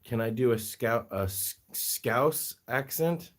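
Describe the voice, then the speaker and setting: Male livestream host, unhurried, chatty and affectionate with his pets, mid-pitched voice. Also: lively intonation. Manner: chatty, fond baby-talk to his pets, laughs often. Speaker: guinea pig rescue livestream host. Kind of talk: casual livestream chat.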